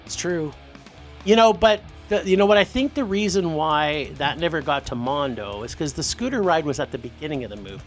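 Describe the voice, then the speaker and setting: A man co-hosting a movie-review podcast in casual banter, animated and jokey, laughing often. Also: a little high, a little fast, over music. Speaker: podcast co-host.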